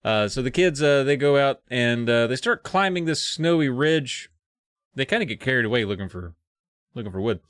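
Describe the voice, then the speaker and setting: Man chatting on a podcast, acts out the characters, dry mic, average pitch. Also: lively intonation, normal speed, fairly bright tone, smooth, no echo. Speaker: podcast co-host. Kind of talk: casual chat retelling a book.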